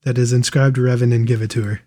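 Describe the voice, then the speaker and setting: A man playing a tabletop game, slowly and deliberately describing his character's actions. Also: mid-range voice, level tone, dark tone. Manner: slow, deliberate descriptive narration.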